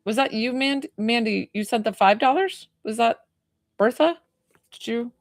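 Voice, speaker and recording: A woman spiritual healer talking softly and soothingly on a live stream, gushing thanks to viewers and saying "like" a lot. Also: a little high, normal speed, no echo, studio quality, soft background music. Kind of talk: live-stream healing session.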